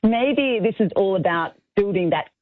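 A woman's voice: mid-range voice, animated, moderate pace, dry recording. An author and speaker, a woman, talking in an earnest, encouraging way as a radio interview guest. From Australia. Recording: tinny phone line.

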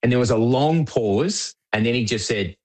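An Australian man, a writer and director, chatting as a guest and telling lively anecdotes. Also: mid-range voice, normal speed. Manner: animated storyteller. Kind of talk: casual chat.

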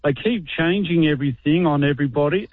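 Weary Australian veteran caller on the phone. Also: male voice, a little high, no room sound. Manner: weary and aggrieved, halting. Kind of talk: talkback phone call. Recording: tinny phone line.

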